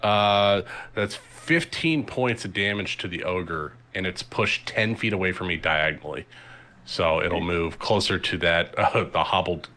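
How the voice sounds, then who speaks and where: A man at a tabletop game with a lowish, bright, forceful voice, taking his time. He laughs easily and gets loud over good rolls. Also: measured pace. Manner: laughs often, excitable about dice rolls. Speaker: player.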